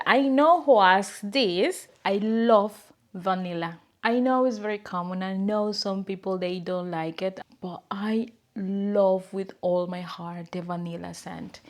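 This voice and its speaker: A young woman vlogger, a native Spanish speaker from a small tropical country, answers viewer questions in a casual Q&A to camera. She has a Spanish accent and a medium-pitched voice, and speaks slowly. Her manner is hesitant, with fillers and soft laughs.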